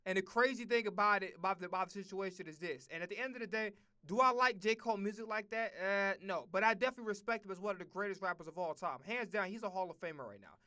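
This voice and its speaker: Man, streamer, bright forceful voice, dry close sound, profane animated rant, stammering restarts. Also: high-pitched, quick pace, few pauses, no room sound. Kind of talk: casual reaction rant.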